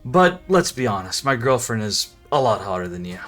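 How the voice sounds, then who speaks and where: A cocky pirate captain who flares up fast and swears freely, as a man puts him on. His voice sits a bit high and swings widely in pitch. He brags and smirks through every line, with faint music behind him. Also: sing-song. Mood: smug. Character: cocky hot-tempered male pirate captain.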